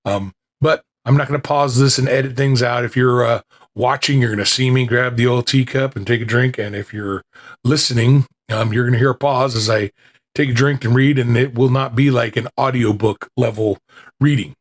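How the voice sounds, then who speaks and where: A man's voice: medium pitch, fairly even intonation, normal speed. Man, podcast host, casual rambling chat, self-deprecating, plain amateur read-aloud. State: recovering voice.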